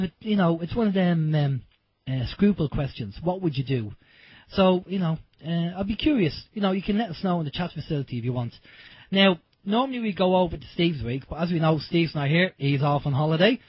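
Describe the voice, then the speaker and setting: A man's voice: a little high, breathy edge, dry recording, lo-fi sound. An Irish man hosting an internet radio show, chatty and rambling with lots of fillers. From Ireland. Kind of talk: casual radio talk.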